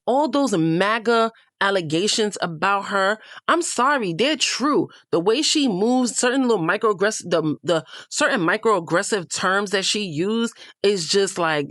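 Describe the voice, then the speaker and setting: A woman hosting a reality-show recap, talking casually, blunt and opinionated, with swearing sprinkled in. Her voice sits at a middle pitch, and the recording is close and dry. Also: animated, measured pace, hardly any pauses, a bit bright, no room sound.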